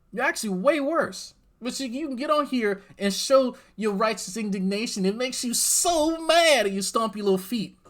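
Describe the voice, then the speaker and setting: Mocking, profane commentary host. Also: male voice, high voice, a bit bright. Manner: profane, mocking, talks straight at the clip's subject. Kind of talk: reaction commentary.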